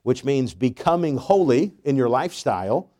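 Man, pastor, sermon, emphatic, mid-pitched voice. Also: animated, dark tone. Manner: slow emphatic preaching with storytelling asides.

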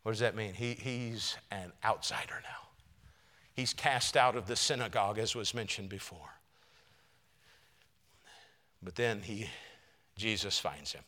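A man's voice: lowish voice, moderate pace, bright, forceful tone. A man preaching a sermon, earnest and often repeating words as he searches for the next one. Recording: long reverb of a large hall.

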